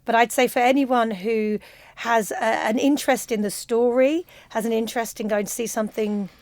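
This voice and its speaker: A woman's voice: fairly high pitch, steady tone, normal speed, no echo. A middle-aged woman from London with a London accent, a choreographer and director chatting enthusiastically as a radio interview guest on a studio mic. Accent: London English.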